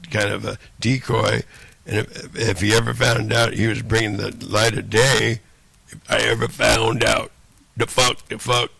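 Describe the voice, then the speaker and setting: Gravelly man on a profane rant. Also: lowish voice, sharp tone, no echo. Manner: profane, repetitive, rambling rant. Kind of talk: rambling monologue.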